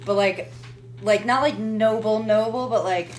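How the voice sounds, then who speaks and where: A woman's voice: medium pitch, unhurried, recorded from a distance, music in the background. A woman playing a tabletop game, brash and casual, swearing freely and laughing often. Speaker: player.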